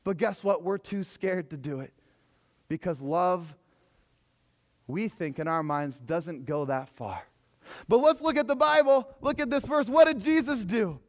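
High-voiced preacher, emphatic. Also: male voice, animated, measured pace. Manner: emphatic, swinging from loud exhortation to hushed storytelling. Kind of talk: sermon.

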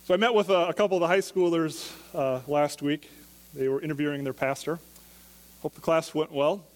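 A man's voice: a little high, fairly even intonation, fairly quick, big-room sound. A man preaching a sermon as pastor, talking in a conversational way and asking the listeners question after question.

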